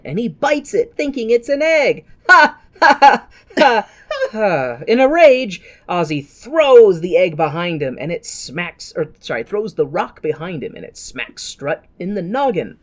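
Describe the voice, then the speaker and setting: A woman's voice: low voice, darkish tone. A woman co-hosting a podcast, recapping a film in a rambling, self-correcting way with dry humor. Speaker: podcast co-host. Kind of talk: casual chat and film recap.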